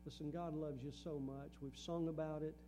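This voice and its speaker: A man's voice: fairly high pitch, fairly even intonation, normal speed, noisy background. A middle-aged man preaching a sermon in a church, earnest, with a rising and falling preaching cadence. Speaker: pastor. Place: church sanctuary.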